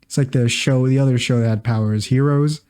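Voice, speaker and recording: A man co-hosts a casual comedy podcast with short, dry, sarcastic quips. His voice is warm and mellow, at an ordinary pitch. He drops mock-serious asides into the chat. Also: fairly even intonation, a little fast, clean tone. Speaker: podcast co-host.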